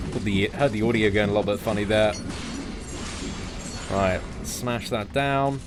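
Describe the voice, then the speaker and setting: A man's voice: a little slow, background noise. A young man casually commentating his mobile game live, chatty and jokey, thanking viewers as he plays. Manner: chatty, jokey, lively pitch jumps when excited. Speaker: gaming livestream host. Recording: faint music behind.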